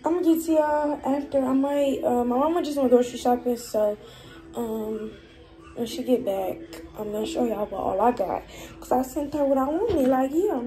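Slangy woman vlogging over loud music. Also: high-pitched, rough recording. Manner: quick, slangy, casual. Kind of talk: casual chat to camera. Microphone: phone camera. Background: loud music from another room.

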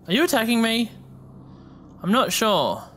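A man giving let's play commentary, excitable and swearing freely, shouting at enemies. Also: very high voice, a little slow, a little hiss or hum. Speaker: gamer.

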